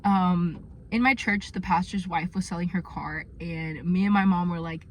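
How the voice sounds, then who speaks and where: A woman's voice: fairly low pitch, steady tone, moderate pace, a little hiss or hum. Chatty young woman vlogging from her car. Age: young adult. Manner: chatty, earnest, many fillers. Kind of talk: casual faith vlog.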